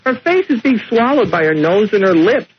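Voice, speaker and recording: A man reviewing movies on a radio talk show, rambling in halting phrases and laughing often. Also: high-pitched, big pitch swings. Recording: dull lo-fi radio broadcast.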